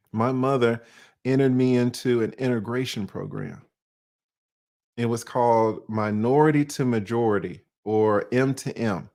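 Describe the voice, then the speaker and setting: A man's voice: mid-range voice, a little mellow. A man in his forties from the US South with a Southern accent, talking to his audience in a casual monologue and posing rhetorical questions. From Atlanta, US South. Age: 40s. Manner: conversational, poses rhetorical questions, uses slang. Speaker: online commentator.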